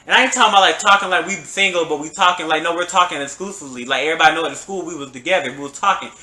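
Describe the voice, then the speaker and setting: A young man vlogging a storytime, talking in an animated, slangy and emphatic way. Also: fairly high pitch, very fast, echoey room, slight background noise. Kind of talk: storytime vlog.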